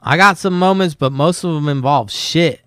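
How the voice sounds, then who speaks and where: A man casually telling profane, laughing stories about a friend in a relaxed chat. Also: fairly high pitch, normal speed, clean tone, no echo, clean studio sound. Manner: laid-back, profane, laughs through his stories.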